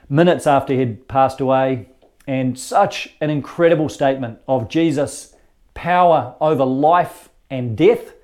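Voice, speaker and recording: A man delivering a sermon in an earnest, conversational way, often repeating words mid-thought. His voice sits a little high yet sounds mellow and soft-edged. He tells the story like he is chatting with his congregation. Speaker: pastor.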